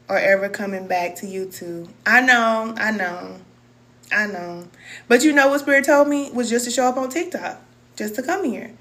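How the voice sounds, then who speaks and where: A middle-aged woman with a bright, forceful voice, a little higher than most, speaks in a casual live-stream chat. She talks to her viewers with heartfelt emotion, reads their comments and calls them cousin as a spiritual wellness teacher.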